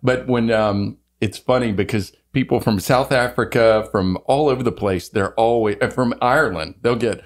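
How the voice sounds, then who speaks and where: A man's voice: on the low side, moderate pace, hardly any pauses. A man with a faint Southern American accent co-hosting a podcast, talking in a rambling, chatty way. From Southern United States. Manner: rambling, talkative, laughs often. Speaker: podcast co-host. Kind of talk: casual chat.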